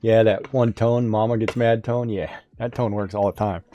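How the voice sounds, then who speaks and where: A man's voice: fairly low pitch, fairly even intonation, normal speed, dark tone, highs cut off, soft background music. A man chatting casually and teasingly, coaching his co-host on how to sound stern. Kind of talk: casual chat.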